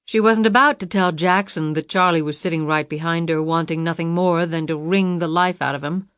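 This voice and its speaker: A woman reading a suspense novel audiobook in a measured, dramatic narration. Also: on the low side, fairly bright tone, clear, resonant tone, no echo, studio quality. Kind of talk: scripted thriller narration.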